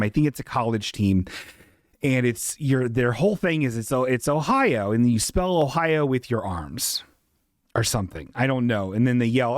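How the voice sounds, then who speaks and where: A man's voice: mid-range voice, no echo, clean studio sound. A man hosting a comedy livestream in casual chat, rambling and self-deprecating, often laughing at his own asides. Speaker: podcast host.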